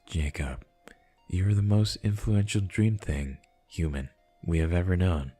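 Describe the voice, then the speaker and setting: A detached ancient spirit, as read by a man speaking slowly and formally in a deep, dark, husky voice. Soft music sits faintly underneath. It stays patient and impersonal. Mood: calm. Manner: measured and formal, no contractions. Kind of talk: reading a visual novel aloud.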